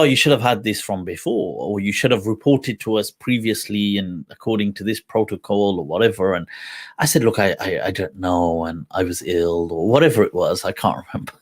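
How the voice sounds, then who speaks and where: A man hosting a talk show, telling a personal story in a casual, animated way with frequent laughter. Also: fairly low pitch. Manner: animated, laughs often, acts out quoted voices. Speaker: host.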